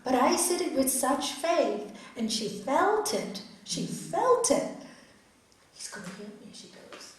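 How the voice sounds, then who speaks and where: A woman's voice: high voice, slow, few pauses. Earnest woman teaching in an echoey hall. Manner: earnest, expressive, acts out quotes. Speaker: raja yoga teacher. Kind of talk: spiritual talk to an audience. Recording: echoey hall, distant mic, faint noise.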